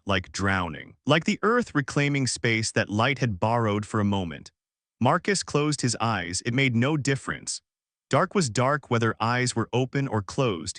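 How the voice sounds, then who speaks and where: A man narrating a scripted story in a somber, measured way. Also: medium pitch, fairly bright tone, no echo, clean studio sound.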